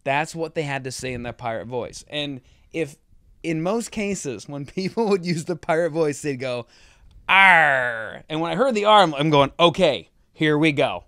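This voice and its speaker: A man with a slightly high, smooth voice chats casually on a podcast. He tells stories with energy and acts out what others said, recorded close and dry with no room sound. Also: moderate pace, dry recording. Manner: animated storyteller, acts out quotes. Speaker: podcast co-host, tour roadie. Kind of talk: casual chat.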